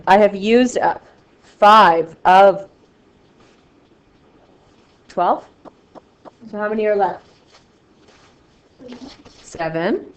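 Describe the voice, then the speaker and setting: A woman teaching a math lesson to a class, loud and excitable, joking about herself as she works through problems. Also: medium pitch, rough recording. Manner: loud, excitable, self-mocking.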